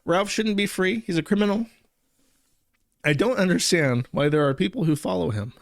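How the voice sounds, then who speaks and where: A man's voice: sits high, moderate pace, vocal fry, no room sound, studio quality, pitched above the performer's own voice. A man reading as a frightened young woman. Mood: earnest. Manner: read out plainly, no accent attempted.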